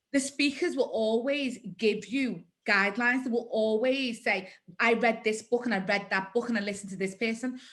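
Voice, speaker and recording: A woman's voice: a little high, a bit bright. Scouse woman in her forties. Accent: Liverpool. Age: 40s. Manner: emphatic, repeats phrases for stress. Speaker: guest. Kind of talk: conversational interview.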